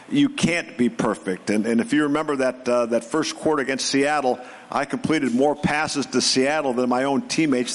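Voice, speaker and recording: A man, a former quarterback, recalling a game on a panel in a halting, self-deprecating way. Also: medium pitch. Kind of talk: recollecting on a panel. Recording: echoey hall.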